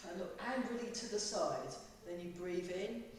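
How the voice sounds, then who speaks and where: A woman's voice: on the low side, animated, moderate pace, slight background noise. A woman leading a tai chi class, joking playfully while calling out the breaths. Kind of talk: teaching a class, guiding breathing. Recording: echoey room, voice far from mic.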